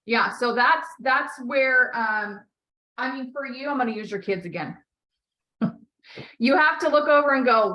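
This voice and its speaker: A woman's voice: high-pitched, unhurried, pauses often, sharp tone, low-quality recording. A woman podcast host coaching a guest in a candid conversation, talking emphatically with frequent swearing and strong emotion.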